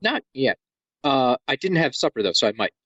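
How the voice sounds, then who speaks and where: A man from Wisconsin rambles through a jokey podcast chat, his pitch swooping about lively. Now and then he bursts into excited shouts. The recording is dry and a bit dull. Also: normal speed, dry recording. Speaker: podcast co-host. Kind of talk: casual comedic chat.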